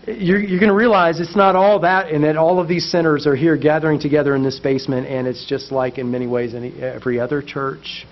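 A man with a somewhat high voice preaches to his congregation, repeating phrases and building in intensity. The recording sounds muffled and lo-fi, made in a church basement. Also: steady tone, fairly quick, few pauses. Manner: impassioned, repetitive preaching with rising emphasis. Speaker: pastor. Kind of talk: sermon.

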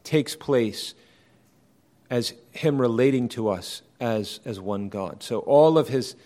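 A man preaching an evening sermon, explaining doctrine in a measured, emphatic way and often rephrasing his points. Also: mid-range voice, warm tone.

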